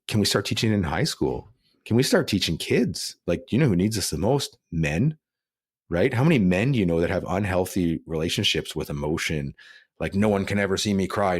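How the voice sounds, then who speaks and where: A man with a very deep, low voice talks in a candid interview. He sounds earnest and reflective, and his voice lifts higher when he stresses a point. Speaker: podcast guest, police officer and author.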